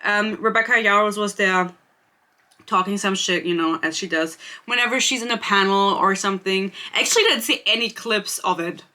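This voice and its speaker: A woman's voice: medium pitch, moderate pace, pushed and bright. A young woman hosting a casual book-gossip podcast, chatty and self-mocking, swearing freely. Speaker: podcast host. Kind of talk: casual chat.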